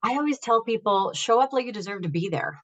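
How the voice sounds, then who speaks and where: A woman's voice: mid-range voice, a little fast, low-quality recording. A woman negotiation expert giving emphatic advice in a conversational interview over a video call, acting out what her clients say. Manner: energetic, emphatic, acts out client quotes. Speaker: negotiation expert and author, guest.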